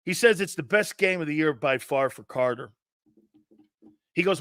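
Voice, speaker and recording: A man hosting a football talk show in a brash, loud, profane and mocking monologue. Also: on the high side, lively intonation, moderate pace, no room sound, studio quality. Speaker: sports talk show host.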